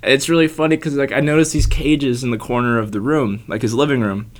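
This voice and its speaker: A man's voice: medium pitch, steady tone, a little fast. A young man telling a long story in casual chat, laid-back, swearing and filling with "like".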